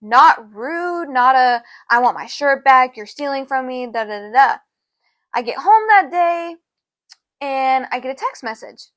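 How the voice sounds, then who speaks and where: A woman's voice: animated, a little slow, fairly bright tone, dry recording. A young woman co-hosting a podcast, telling a long personal story in a rambling, casual way. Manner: rambling, fillers like "da, da, da" and "low-key". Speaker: podcast co-host.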